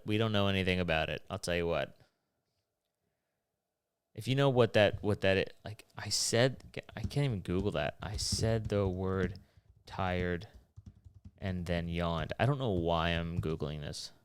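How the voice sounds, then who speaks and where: A young man hosting his own show, rambling through a profane, animated rant. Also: low voice, unhurried, long pauses, clean tone, no echo. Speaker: podcast host. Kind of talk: rambling solo monologue.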